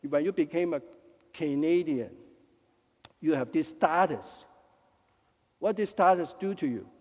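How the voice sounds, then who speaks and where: A male pastor preaches with a slightly high, soft and mellow voice. He teases his congregation with jokes and quick apologies. His words ring out with the long reverb of a large church hall. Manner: lively, with joking asides and quick apologies. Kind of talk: sermon. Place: church sanctuary.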